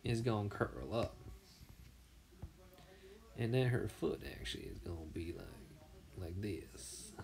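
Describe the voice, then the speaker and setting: A man giving soft-spoken commentary while he draws, half-whispering and musing aloud as he works. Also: fairly low pitch, lively intonation, takes it slowly, vocal fry, long pauses. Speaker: artist. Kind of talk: drawing commentary.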